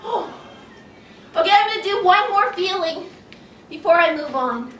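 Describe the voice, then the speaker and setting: A woman giving an animated talk to an audience, playful and exaggerated, gasping and laughing as she acts out feelings. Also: very high-pitched, moderate pace, far from the mic, a little hiss or hum. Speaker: children's educator giving a talk. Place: large room with an audience. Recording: echoey room recorded from afar, faint ambience.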